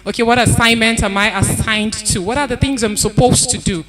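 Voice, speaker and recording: A woman's voice: a little high, steady tone, brisk. Earnest woman giving advice. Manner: earnest, advising, repeats key points. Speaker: panelist. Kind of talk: conference panel talk. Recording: event hall with crowd noise.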